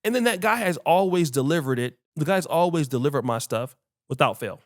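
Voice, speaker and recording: Animated man telling stories. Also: a little high, a little fast. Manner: animated, acts out quoted dialogue, swears freely. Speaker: podcast host. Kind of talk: casual chat, storytelling.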